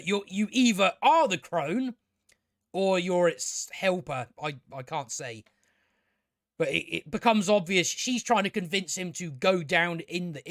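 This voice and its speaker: A man's voice: sits high, a bit bright, no echo, studio quality. A man reviewing a TV episode in a rambling casual recap, sarcastic and profane, stumbling over restarts. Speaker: video reviewer.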